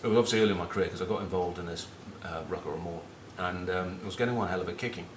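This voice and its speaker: Racing along in a low voice, a middle-aged man from northern England tells rugby anecdotes in a Northern English accent. He once captained a rugby side, and his casual chat is cheeky and sweary. There's reverb and background noise.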